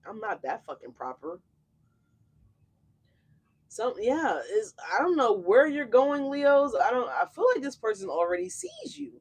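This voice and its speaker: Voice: high voice, very animated, a little slow, slightly rough. A tarot reader hosting a casual live reading, talking straight to viewers in an effusive, slangy, exclamatory way, with frequent swearing. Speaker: tarot reader, channel host.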